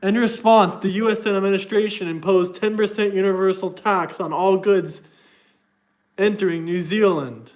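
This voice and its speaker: A man with a high-pitched voice, a steady tone, and normal speed is livestreaming and arguing with his chat. He is combative and mocking, reading text aloud to prove his point in a live stream chat rant.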